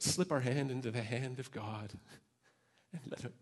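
Brief: male preacher, medium pitch, heartfelt sermon, swings from quiet reflection to urgent, with self-mocking humor. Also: moderate pace, husky. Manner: earnest and emotional, with self-deprecating asides. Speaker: pastor. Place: church service.

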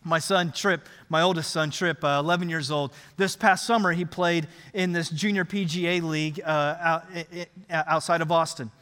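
A middle-aged man preaching a sermon, telling a story in an animated, conversational way. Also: a little high, moderate pace, few pauses, clear, resonant tone. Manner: animated, conversational, acts out scenes. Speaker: pastor. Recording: long reverb of a large hall.

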